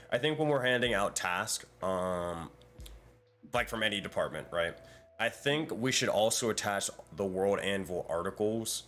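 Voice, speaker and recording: A man's voice: low voice, lively intonation, unhurried, fairly bright tone. A man leading a community project, chatting casually in an online meeting and thinking aloud with lots of fillers. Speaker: community project lead and dungeon master. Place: online voice call.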